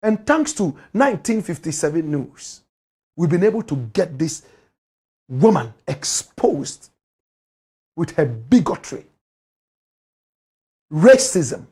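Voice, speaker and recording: Ghanaian male commentator, husky, wildly swinging pitch, fiery and argumentative. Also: very animated, measured pace, long pauses, darkish tone. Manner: heated, ranting, fires rhetorical questions. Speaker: host of a commentary show. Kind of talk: impassioned political commentary.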